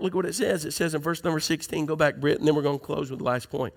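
A male pastor preaching a sermon, moving from conversational teaching to loud, emphatic preaching. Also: fairly high pitch, fast.

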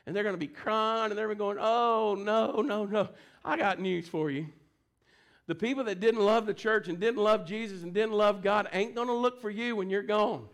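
A man preaching a sermon, telling stories and swinging between quiet, hushed passages and forceful, raised declarations. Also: high voice, normal speed. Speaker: pastor.

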